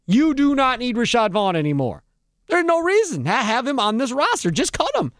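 A man's voice: extremely high pitch, normal speed, no room sound, clean studio sound. A man hosting postgame sports talk radio, breaking down the box score and ranting about roster moves. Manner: animated, heated rants.

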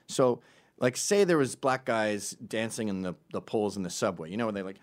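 A man's voice: lowish voice, brisk. A middle-aged man doing a profane, sardonic comedy monologue.

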